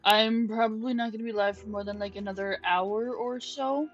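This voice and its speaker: A young adult woman with a slightly high voice, fairly even intonation, and a normal speed chats casually while she games on stream. Chatty and rambling, she restarts her stories and softly coos at her pet. Faint music underlies the dull lo-fi mic recording.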